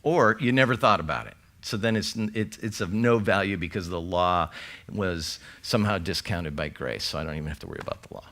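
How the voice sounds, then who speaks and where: A pastor preaches a sermon in a fairly low, fairly bright, conversational voice. He reads scripture aloud, breaking off now and then for quick asides to the people in front of him.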